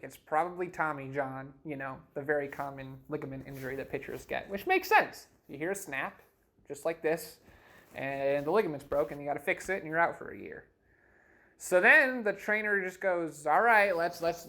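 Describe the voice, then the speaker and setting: A man casually recounting a personal story, chatty and animated, acting out the voices of other people along the way. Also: a little high. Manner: chatty, with frequent laughs and fillers like "you know". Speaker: storyteller recounting his life.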